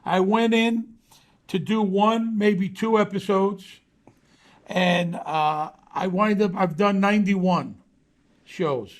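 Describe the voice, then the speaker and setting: A man's voice: high voice, takes it slowly. A middle-aged man being interviewed over a video call, chatting in a rambling way full of filler phrases. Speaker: actor guest. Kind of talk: casual interview chat.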